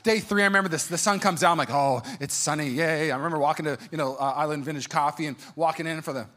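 A pastor in his thirties preaches a sermon full of personal stories in a high, bright, energetic voice, speaking very fast. Animated and jokey, he kids with the congregation and acts out quotes in exaggerated, high-pitched voices.

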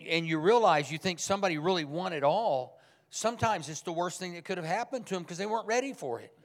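Emphatic male pastor, echoing church hall. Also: fairly high pitch. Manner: conversational, emphatic preaching. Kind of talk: sermon. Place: church sanctuary.

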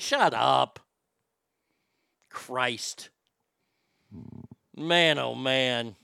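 A man's voice: sits high, measured pace, bright, forceful tone, smooth. A man hosting a casual show, ranting sarcastically with lots of profanity. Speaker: podcast host.

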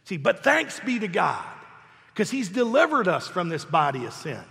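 A middle-aged pastor with a notably high voice delivers a lively sermon. He punches key phrases loudly, then drops into quiet, conversational asides. His voice carries a long reverb, as in a large church hall. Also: normal speed, vocal fry. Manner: animated preaching, swings between loud emphasis and soft asides. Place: church sanctuary.

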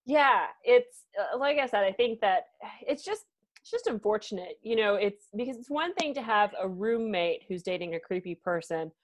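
A woman's voice: medium pitch, animated, normal speed. A woman co-hosting a podcast, chatting casually and hedging a lot. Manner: rambling, hedging with fillers and laughs. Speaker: podcast co-host. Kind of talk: casual comedic chat.

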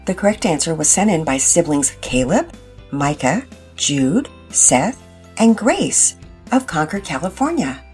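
A woman's voice: deep voice, big pitch swings, a little slow, a little mellow, faint music behind. A woman hosting and narrating a children's family story, reading it aloud. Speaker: storyteller and host.

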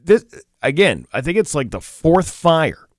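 A man's voice: a little high, very animated, unhurried, no echo, clean studio sound. A man co-hosting a casual radio show, rambling through news items and laughing along. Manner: loose, rambling, laughs often, trails off. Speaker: radio co-host.

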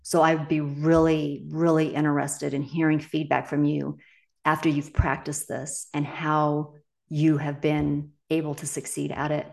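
A woman's voice: deep voice, level tone, a little slow, creaky, darkish tone. A middle-aged woman coach and podcast host, talking casually, candid and emphatic, swearing freely. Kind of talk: casual solo podcast talk.

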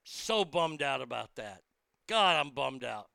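Bright, gravelly-voiced man rambling casually. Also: medium pitch, big pitch swings, a little slow, no echo. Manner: chatty, profane, rambling. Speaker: host.

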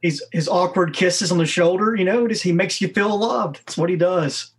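A man's voice: high voice, normal speed, slight background noise. A man in casual chat, easygoing and self-deprecating.

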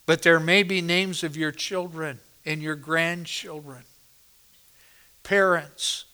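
A man's voice: fairly high pitch, pushed and bright, clean tone. A male pastor preaching a sermon at a church service, emphatic and driving home points by repeating phrases.

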